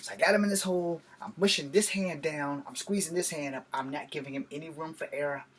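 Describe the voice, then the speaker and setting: Husky middle-aged man telling a story. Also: a little high, fast. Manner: blunt, profane, animated retelling of a fight. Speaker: vlogger. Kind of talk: casual storytelling.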